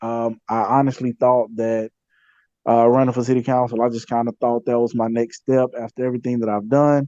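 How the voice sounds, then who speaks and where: A man recounts his community work as a podcast guest. He sounds dark and mellow and drifts easily, full of "you know" and restarts. The audio is dry and slightly dull. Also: mid-range voice, level tone, brisk, dry recording. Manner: conversational, many fillers and self-repeats. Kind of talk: casual storytelling interview.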